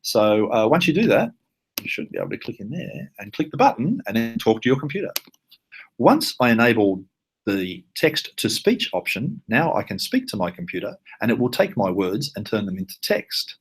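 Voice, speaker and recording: Chatty Australian man demoing software. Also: fairly low pitch, sing-song, normal speed, a little hiss or hum. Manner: casual, chatty, lots of fillers and asides. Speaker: workshop presenter. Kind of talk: live online software tutorial. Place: at his computer, live webinar.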